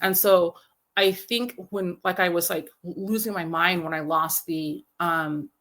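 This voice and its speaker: A woman, a film festival founder, telling stories in a casual interview, rambling and animated with many fillers. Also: lowish voice, measured pace.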